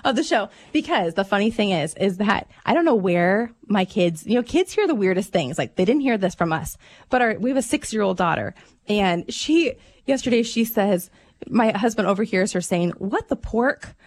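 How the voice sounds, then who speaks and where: A woman's voice: mid-range voice, animated, normal speed. A woman co-hosting a radio call-in show, chatting casually and telling stories. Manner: chatty storyteller, laughs while telling. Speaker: radio co-host.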